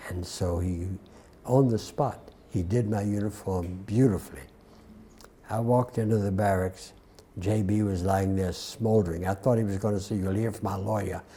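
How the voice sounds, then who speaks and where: A man in his nineties from the US South tells his story in a deep, very mellow voice with a soft Southern accent. He takes his time and keeps a dry, wry humor throughout the interview. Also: normal speed, a little hiss or hum. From Atlanta, US South. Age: 90s. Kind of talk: recounting a war memory.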